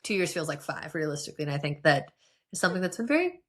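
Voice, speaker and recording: Lower-voiced woman podcast co-host. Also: big pitch swings, quick pace, a bit bright. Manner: reflective, personal opinions. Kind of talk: casual chat.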